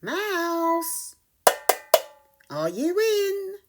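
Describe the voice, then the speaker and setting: A woman's voice: extremely high pitch, sing-song, very slow, over loud music, voice pushed up, full character voice. A woman voicing a brave, curious male kitten who asks questions politely in a storybook read-aloud.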